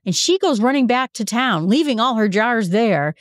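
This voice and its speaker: A woman's voice: a little high, lively intonation, normal speed, no echo, clean studio sound. Conversational woman teaching a Bible lesson. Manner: conversational, quotes figures in everyday speech.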